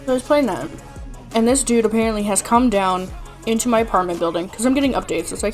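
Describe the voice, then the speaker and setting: A woman's voice: mid-range voice, fast, faint music behind. A young woman streamer telling a rant in casual chat, exasperated and swearing often.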